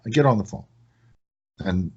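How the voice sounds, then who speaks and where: A man's voice: normal speed, slightly rough, lo-fi sound. A man talking casually as a guest on a podcast, telling stories with a lot of energy. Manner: animated storyteller, rising high when excited. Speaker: podcast guest, product company owner.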